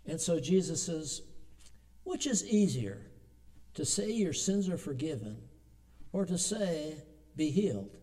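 A middle-aged man preaching a sermon, building to emphatic peaks and dropping into quiet, personal asides. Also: on the high side, sing-song, takes it slowly, long pauses. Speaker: pastor.

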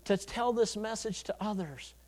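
A man pastor preaching a sermon, shifting between loud, emphatic declarations and quiet, conversational asides, in a church. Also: high voice, moderate pace. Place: church sanctuary. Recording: long hall reverb.

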